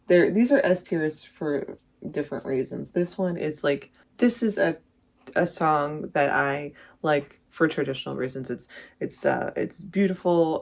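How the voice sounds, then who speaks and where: Here a vlogger who reviews music works through a song ranking, wandering off track, frequently self-correcting and enthusing about the tracks they love. The voice is mid-range and a little mellow.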